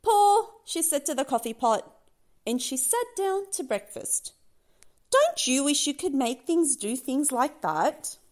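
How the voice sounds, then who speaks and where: A woman narrating a children's picture book aloud in an expressive, sing-song storytelling manner. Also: sits high, measured pace. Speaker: storybook reader.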